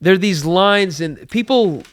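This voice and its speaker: A young man from the US East Coast, a guest on a podcast, chatting casually and doing voices in his anecdotes. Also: high voice. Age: young adult. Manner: quick, lively, does voices in anecdotes. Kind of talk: casual chat.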